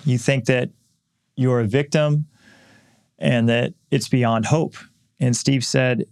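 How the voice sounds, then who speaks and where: A man's voice: medium pitch, steady tone, slow, long pauses, a little mellow, clear, resonant tone, dry recording, studio quality. A middle-aged man hosting a podcast, speaking candidly and earnestly in a personal reflective monologue, with frequent restarts. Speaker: podcast host and author.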